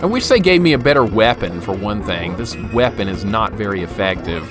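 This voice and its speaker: Game music plays as a young man streams a retro game and talks to his viewers. His lowish voice has lively intonation and runs a little fast, and he swings between frustration, jokes, and laughter while responding to chat.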